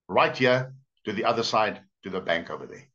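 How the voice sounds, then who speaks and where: Sly coaxing snake, put on by a man, lively rising pleas, dull lo-fi sound. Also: fairly low pitch, normal speed. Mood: pleading. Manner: wheedling, coaxing. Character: sly pleading male snake in a fable.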